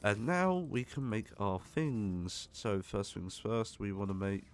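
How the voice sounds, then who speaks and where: A man's voice: on the low side, sing-song, a little slow. A man giving casual gameplay commentary, chatty and jokey, swearing when startled. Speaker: gaming streamer.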